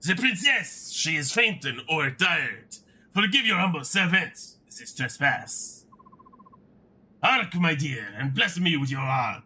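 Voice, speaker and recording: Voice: mid-range voice, expressive, slow, bright, forceful tone, a little hiss or hum, full character voice. A streamer voicing a pompous, gallant knight from a video game in a put-on French accent, drawing the words out grandly. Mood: grandiose. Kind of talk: reading game dialogue aloud.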